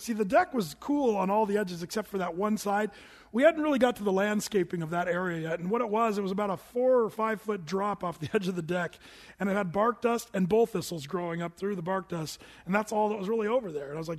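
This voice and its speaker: A middle-aged male pastor with a notably high voice delivers a sermon in a church sanctuary. He tells his story with animated energy, at times climbing to shouts. His voice rings out with a long reverb tail from the hall. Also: fast talker.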